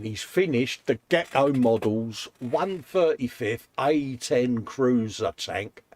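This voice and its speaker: A man's voice: mid-range voice, a little mellow, no room sound. A man co-hosting a casual live stream from a hobby workshop, reading out viewer comments and praising model builds in a chatty, upbeat way. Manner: chatty and upbeat, frequent laughs and "mate". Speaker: co-host of a live modelling show.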